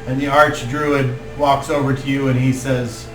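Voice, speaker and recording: A man narrating a tabletop game as game master in a slow, descriptive way. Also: medium pitch, level tone. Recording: echoey room, mic from far off, faint noise.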